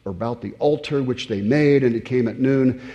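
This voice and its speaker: A male pastor preaching in a loose, conversational way, full of fillers and restarts. His voice is mellow and warm. He sits in the middle range of pitch and keeps stopping to question his listeners. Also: normal speed, muffled recording. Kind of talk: sermon.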